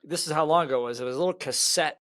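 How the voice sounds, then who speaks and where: High-voiced older man telling stories. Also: rapid-fire, no room sound. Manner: lively anecdotal storyteller who laughs at his own stories. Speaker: guest, sales trainer and author. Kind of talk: storytelling in an interview.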